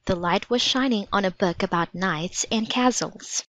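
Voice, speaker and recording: A woman reading a children's storybook aloud in a gentle, measured way. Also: mid-range voice, dry recording. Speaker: narrator. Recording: dry, slightly dull audiobook recording.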